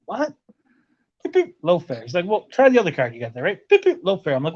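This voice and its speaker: A man rambles through a story on a podcast, swearing freely and checking in with "right?" after nearly every point. His voice sits a bit high. The recording sounds dull and lo-fi. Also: huge pitch swings, quick pace. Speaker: podcast host. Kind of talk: casual chat. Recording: lo-fi muffled audio.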